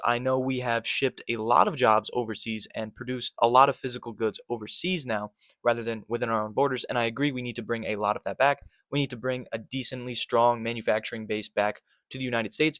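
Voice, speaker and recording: A man's voice: mid-range voice, fairly bright tone, no room sound, studio quality. A man giving sarcastic, exasperated reaction commentary on a political clip, swearing often.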